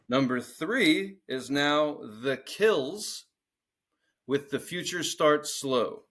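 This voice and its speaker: A man's voice: medium pitch, a bit bright. A man co-hosting a podcast in casual chat, joking crudely as he reads out a song list. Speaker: podcast co-host.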